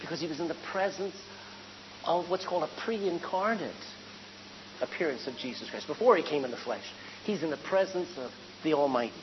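A male preacher delivering a lively, conversational sermon that swings between loud emphasis and hushed tones. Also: fairly high pitch, fairly quick. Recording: dull, echoey hall with faint hum.

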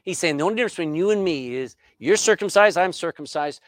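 A middle-aged man preaching a sermon, swinging between loud emphasis and hushed asides. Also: fairly high pitch, lively intonation, quick pace, dry recording. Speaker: pastor. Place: church sanctuary.

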